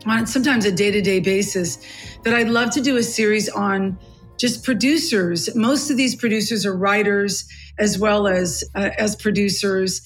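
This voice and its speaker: A middle-aged woman from California hosting a podcast, with a low textured voice. She thinks aloud in casual chat, full of fillers. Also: steady tone, normal speed, faint music behind. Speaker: podcast host.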